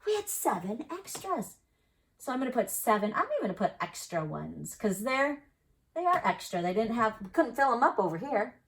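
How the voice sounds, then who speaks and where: In a slightly high voice with big pitch swings, a woman teacher counts aloud during an early-grade math lesson. Her delivery is slow, encouraging and sing-song, and she poses questions to the children.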